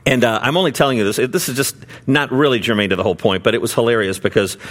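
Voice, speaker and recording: A man's voice: medium pitch, racing, fairly bright tone. Man preaching in a loose, chatty way. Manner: conversational, many fillers and restarts. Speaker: pastor. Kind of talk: sermon with storytelling.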